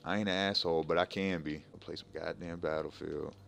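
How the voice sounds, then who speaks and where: A man's voice: deep voice, steady tone, fairly quick, vocal fry, fairly bright tone, faint music behind. A young man streaming a game live, ranting profanely and confrontationally at people in his chat and voice chat. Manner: profane, confrontational, trash-talking.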